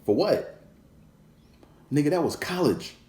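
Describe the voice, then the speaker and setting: A man's voice: on the high side, sing-song, unhurried, darkish tone, pitched above the performer's own voice. A man playing a blunt version of himself who crudely scolds and mocks his younger self. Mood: scolding. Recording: echoey room.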